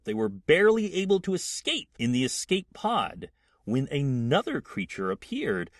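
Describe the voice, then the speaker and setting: A man hosting a podcast who retells a comic book story as an animated storyteller, acting out the quotes. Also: mid-range voice, slightly rough, no echo, studio quality. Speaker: podcast host.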